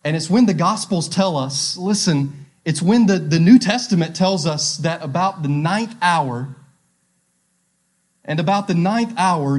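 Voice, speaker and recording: A man's voice: on the high side, a little slow. A man preaching a sermon, emphatic and repeating his key phrases, reading scripture aloud with drama.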